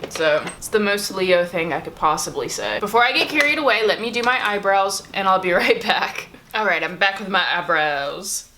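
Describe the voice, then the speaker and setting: A woman's voice: mid-range voice, animated, normal speed, hardly any pauses, pushed and bright, a little hiss or hum. Chatty young woman rambling at home. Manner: chatty, rambling, lots of fillers. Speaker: beauty vlogger. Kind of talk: casual get-ready-with-me chat. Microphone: camera-mounted shotgun mic.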